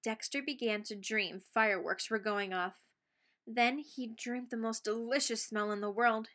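A woman reading a children's picture book aloud, expressive and playful with sound words. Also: fairly high pitch, measured pace. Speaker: read-aloud narrator.

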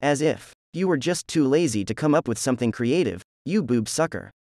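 A man's voice: mid-range voice, animated, fairly quick, darkish tone, dry recording, studio quality, natural voice. A man voicing a rude, lazy, cocky young male ninja who talks in crude, mocking insults, in a fan story reading.

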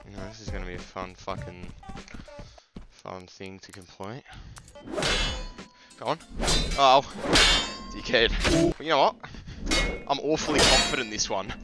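A man with an Australian accent giving sweary gameplay commentary, excitable and yelling at enemies. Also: sits low, measured pace, long pauses. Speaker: gaming video host. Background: loud game music.

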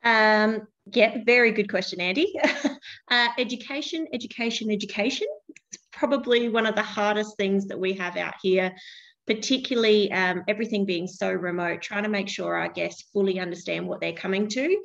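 A woman's voice: mid-range voice, steady tone, creaky, fairly bright tone. Easygoing woman panelist on dull audio. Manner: easygoing, with filler pauses. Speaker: tourism manager on a remote farm. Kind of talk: webinar panel answer.

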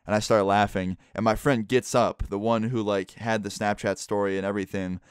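Young male vlogger, casual storyteller, smooth clear voice, dry close sound, lowish pitch. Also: fairly quick, no room sound. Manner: relaxed, chatty, lots of "like".

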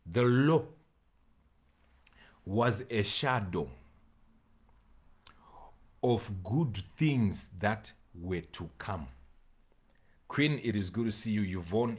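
A man preaching a sermon to his congregation, reading scripture slowly and repeating phrases for emphasis, sometimes pleading with his listeners. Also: fairly low pitch, expressive. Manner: addresses congregation directly, pleading. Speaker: pastor.

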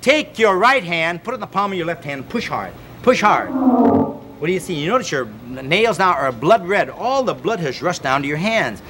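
A man with a high-sitting voice hosts a televised home exercise show at normal speed, with a little hiss or hum on the recording. As the fitness host, he counts reps energetically and coaxes the viewer with commands, speaking earnestly and directly to them.

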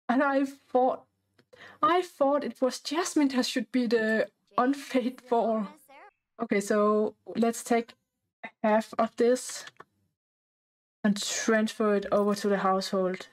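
A woman talking casually over life-sim gameplay, halting and chatty with many fillers and restarts, often out of breath. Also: fairly high pitch, steady tone, rough recording. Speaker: gameplay narrator.

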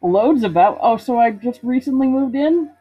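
A woman's voice: on the high side, expressive, normal speed, slightly rough. A woman casually commenting on a video game she streams, reading text aloud and joking about it. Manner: playful, reads game text aloud and jokes. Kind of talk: casual let's-play commentary. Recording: dull lo-fi stream audio with game music.

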